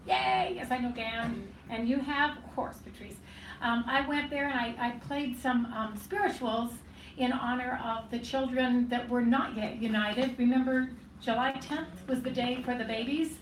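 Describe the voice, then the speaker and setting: A woman makes chatty, halting remarks to a cafe audience in a high voice. She is heard from a distance in a roomy space, with faint ambience behind her. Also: steady tone, slight background noise. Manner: chatty and halting, with many fillers. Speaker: open mic participant. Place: cafe open mic.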